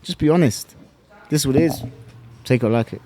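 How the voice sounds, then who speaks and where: Guy telling his story on a podcast, blunt, swears a lot, middle pitch. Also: fast talker, dark tone, slight background noise. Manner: candid, blunt, swears freely, slang-heavy. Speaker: podcast guest, former fighter. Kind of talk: emotional storytelling.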